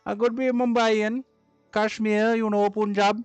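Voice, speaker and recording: A man's voice: high-pitched, level tone, moderate pace, clear, resonant tone, no room sound, soft background music, voice pushed up, close to an everyday voice. A man voicing a chatty Indian man who loves his scooter, in an exaggerated put-on Indian accent. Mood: cheerful.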